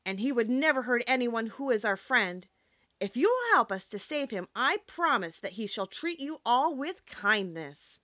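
A woman's voice: on the high side, big pitch swings, normal speed, sharp tone, no room sound, highs cut off. A woman voicing an eager, persuasive male scarecrow stuffed with straw, in a storybook reading.

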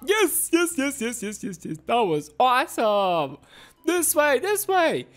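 Bubbly woman with a lively, high voice. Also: slow. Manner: excitable, gasping, squealing reactions. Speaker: gaming video host. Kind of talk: playful game commentary.

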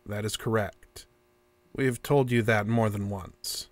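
In an audio drama, an actor voices a calm, stiff male interrogator who speaks in flat, formal, repetitive phrases. His natural voice is fairly low and unhurried, recorded dry.

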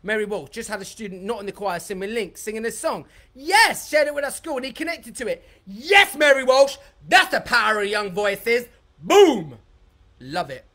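A bubbly man hosting a live-streamed dance lesson, his pitch bouncing all over as he chats. He breaks into high shouts and whoops when excited, and his voice sometimes drifts away from the mic. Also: moderate pace, roomy sound, far from the mic. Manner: bubbly, excitable, reads out viewer comments. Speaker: dance workshop leader.

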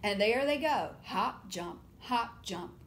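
A woman reading picture books aloud at story time, animated and stopping often to ask the children questions. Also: mid-range voice, slow pace, a little hiss or hum. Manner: animated, asks children questions and invites them to join in.

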